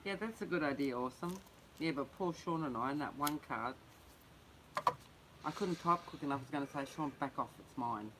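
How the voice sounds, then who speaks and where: A man's voice: fairly high pitch, brisk, long pauses, heavy background noise. A man in casual chat who teases his co-host, laughs often and cuts in. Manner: teasing, laughs often, interjects.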